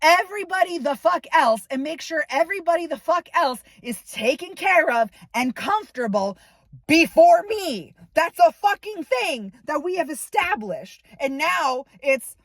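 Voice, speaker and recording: A woman's voice: very high-pitched, lively intonation, moderate pace, no echo. A woman venting to camera, ranting in heated, profane bursts about a falling-out. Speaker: vlogger. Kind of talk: angry personal venting to camera.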